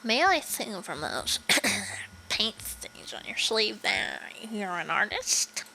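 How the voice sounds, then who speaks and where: Woman voicing a quiet clerk, slow, measured, bright tone, faint hiss. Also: big pitch swings, full character voice, rough recording. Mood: probing. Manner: low, deliberate, musing reading of dialogue. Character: calm, observant hotel clerk.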